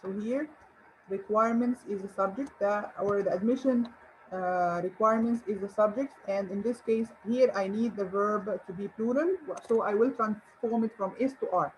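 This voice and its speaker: A woman's voice: medium pitch, moderate pace, slight background noise, low-quality recording. A woman English teacher giving an online grammar lesson, encouraging and asking her viewers questions. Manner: encouraging, rhetorical questions and praise.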